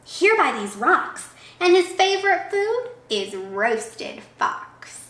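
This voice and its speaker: A woman's voice: extremely high pitch, big pitch swings, slow pace, a bit bright, voice pushed up, heavily acted. A woman voicing a clever little male mouse in a read-aloud picture book, boastful and theatrical. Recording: echoey room.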